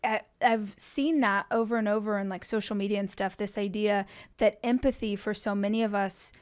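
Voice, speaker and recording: Female host, middle-aged, rambling conversational delivery, middle pitch. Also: fairly even intonation, normal speed, smooth. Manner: rambling, restarts thoughts, many "like"s. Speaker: podcast host. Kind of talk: casual interview conversation.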